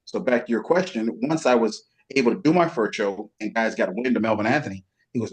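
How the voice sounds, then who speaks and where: A middle-aged man, a guest bodybuilder, telling lively backstage stories and imitating other people's voices in casual chat. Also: on the low side, brisk, breathy edge. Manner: animated storyteller, does voices of others. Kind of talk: casual storytelling.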